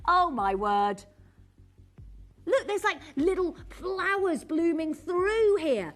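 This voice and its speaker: A woman's voice: very high-pitched, big pitch swings, slow. A woman presenting jewellery on a live shopping channel, bubbly and gushing as she laughs and sells. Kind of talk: live TV sales pitch.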